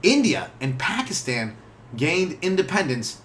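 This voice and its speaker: A young man co-hosts a casual comedy show, rambling through odd facts and laughing as he goes. His voice sits a bit high, and faint background noise runs under the recording. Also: big pitch swings, a little slow, fairly bright tone. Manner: rambling, laughs often, jumps into silly voices. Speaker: comedy podcast co-host.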